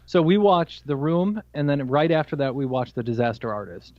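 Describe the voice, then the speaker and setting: A man's voice: a little high, moderate pace, no echo, muffled recording. A man co-hosting a podcast in casual chat, telling stories with a laugh. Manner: jokey, laughs at his own stories. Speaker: podcast co-host.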